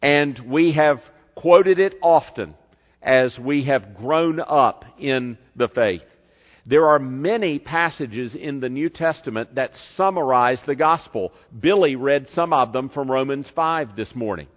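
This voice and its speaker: A man preaching a sermon as pastor, with measured delivery and slow, emphatic reading of scripture in a church. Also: medium pitch, in a large hall, dull audio. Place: church sanctuary.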